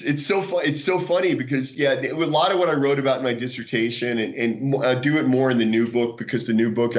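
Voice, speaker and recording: American guy rambling through funny stories, laughs a lot, average pitch, keeps restarting. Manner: animated storyteller, laughs often, many restarts. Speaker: guest, martial arts author. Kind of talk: casual interview chat.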